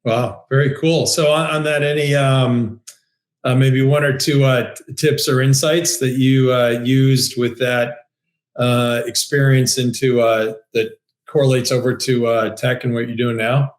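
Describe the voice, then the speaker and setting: A man hosting a podcast interview, asking halting questions full of ums and uhs. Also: mid-range voice, flat delivery, echoey room. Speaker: podcast host. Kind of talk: casual interview.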